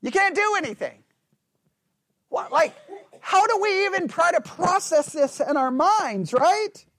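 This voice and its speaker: A man preaching an animated sermon, full of rhetorical questions and acted-out voices of churchgoers. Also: extremely high pitch, unhurried, no room sound.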